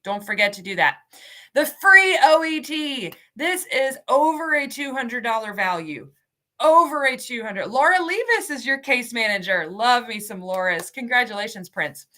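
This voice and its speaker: A woman's voice: a little high, expressive, moderate pace, pushed and bright. A woman hosting a live webinar, upbeat and cheery, calling out giveaway winners and stumbling over their names. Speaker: host, ESL program coordinator.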